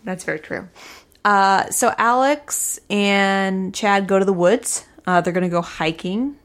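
A woman co-hosting a podcast, recapping a show in casual chat, step by step and steady. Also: medium pitch, a little slow. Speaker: podcast co-host.

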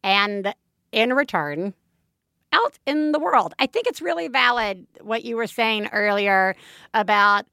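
A woman co-hosts a chatty parenting podcast in a high, gravelly voice with vocal fry, speaking effusively and animatedly and laughing often. She's unhurried, and the recording is dry and close.

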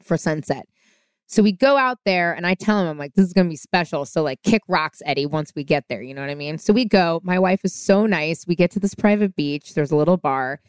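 Animated woman telling a story, smooth voice. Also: fairly low pitch, fairly quick, no room sound, clean studio sound. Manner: animated, acts out quoted voices. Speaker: podcast guest. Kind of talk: casual storytelling.

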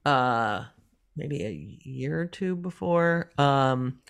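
A middle-aged woman comedian, guest on a casual podcast, telling stories in an animated, profane way. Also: low-pitched, slow pace, creaky, smooth.

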